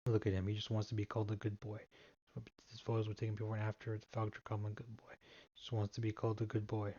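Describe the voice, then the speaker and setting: A man giving a casual joke slideshow presentation, rambling and halting with frequent restarts. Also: lowish voice, monotone, dark tone, breathy edge, no echo, lo-fi sound.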